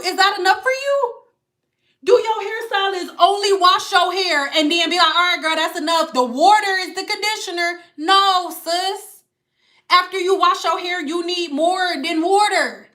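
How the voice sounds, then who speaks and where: A woman hosts a casual livestream as a hairstylist. Her voice sits high and sharp. She talks bluntly and emphatically, swearing as she answers her viewers' comments. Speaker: hairstylist and channel host.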